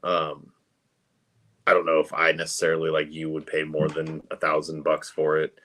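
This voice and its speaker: A man's voice: rumbling low, monotone, moderate pace, a bit bright. A man co-hosting a comic book show, chatting in a laid-back way and swearing now and then. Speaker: co-host. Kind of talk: casual chat.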